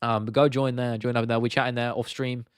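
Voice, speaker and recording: A man's voice: medium pitch, flat delivery, brisk, smooth, no room sound, clean studio sound. Casual English man chatting on stream. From England. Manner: casual and chatty, swears freely, reads chat aloud. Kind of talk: casual live stream chat.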